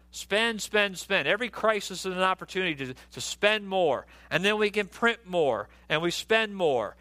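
A man preaching with a high, bright voice that rings forward. He is emphatic, and he often stumbles, repeats and restarts his words. The sound is close and dry, with no room around it. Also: no room sound. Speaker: pastor. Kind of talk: sermon.

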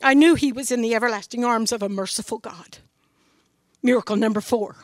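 High-voiced woman giving an earnest testimony. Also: a little fast, dry recording, studio quality. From Missouri. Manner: earnest, emphatic, faith-filled. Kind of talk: spoken testimony.

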